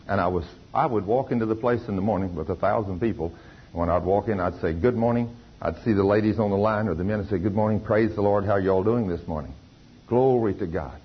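An older man with a drawl tells his testimony in an emphatic, folksy preaching style. His voice sits fairly low. The recording is dull and lo-fi, with a faint hiss behind him. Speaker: lay preacher giving testimony. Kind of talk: testimony sermon.

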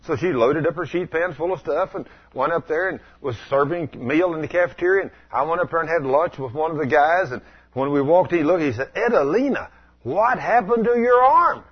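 A man preaching a storytelling sermon in a folksy way, asking the congregation questions and rising to loud exclamations. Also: a little high, a little fast, breathy edge, lo-fi sound.

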